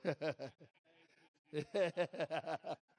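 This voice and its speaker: Give me an animated male preacher telling a story in a sermon, his voice on the high side. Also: very slow. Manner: animated, acts out scenes and jokes with the crowd. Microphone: handheld or stand mic.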